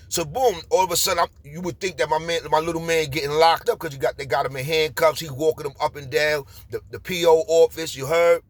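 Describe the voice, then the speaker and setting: A man in his forties with a New York accent, telling street stories in a casual, animated way. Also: on the high side. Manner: streetwise, animated, repeats "you heard?". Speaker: storyteller. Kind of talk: casual storytelling.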